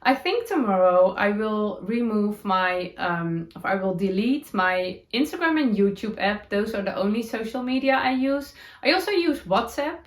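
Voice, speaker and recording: A woman with a Dutch accent, a native Dutch speaker, chatting casually as a knitting podcast host, with many fillers, pauses and giggles. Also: mid-range voice, expressive. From Netherlands. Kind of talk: casual chat showing her knitting gear. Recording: roomy echo.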